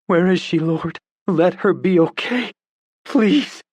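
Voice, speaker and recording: A man voicing a desperate young man who swings between frantic shouts and broken, pleading whispers beside his injured love. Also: mid-range voice, normal speed, husky, no echo.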